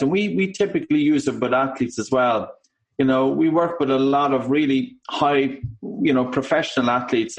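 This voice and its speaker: A man with an Irish accent, an author and breathing coach, explaining his subject in a measured way during an interview. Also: mid-range voice, poor audio. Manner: measured, explanatory, with occasional ums.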